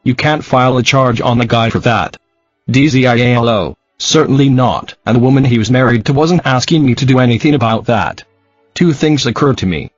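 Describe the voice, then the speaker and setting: Guy reading out a true crime transcript, kinda husky, dull dry lo-fi sound w faint music under it. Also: medium pitch, a little fast, no echo. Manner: reads speaker labels and spells out names letter by letter. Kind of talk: flat reading of an interview transcript, speaker names read aloud.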